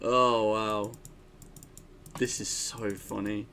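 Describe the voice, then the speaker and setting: A man's voice: lowish voice, flat delivery, very slow, sharp tone, a little hiss or hum. A man hosting a game stream, chatting casually and amused, with frequent laughs and wry asides. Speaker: streamer and channel host.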